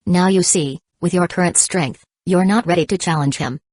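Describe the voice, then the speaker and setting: A woman gives voice to a calculating young ninja man in a storybook. He reasons in a steady, persuasive way. Her voice sits low and dry. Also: moderate pace, no echo, lightly acted. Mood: calm.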